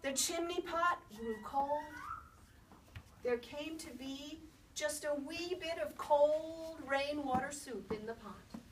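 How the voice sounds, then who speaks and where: A woman storyteller telling a folk tale aloud in an expressive, lilting way. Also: sits high, takes it slowly. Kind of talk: oral storytelling. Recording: distant mic, faint background noise.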